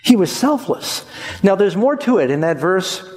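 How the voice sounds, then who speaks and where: A man's voice: high-pitched, very animated, moderate pace, a crowd in the background. A man preaching a sermon to a congregation, emphatic and rhythmic, asking them to repeat a verse with him. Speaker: pastor. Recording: long hall reverb.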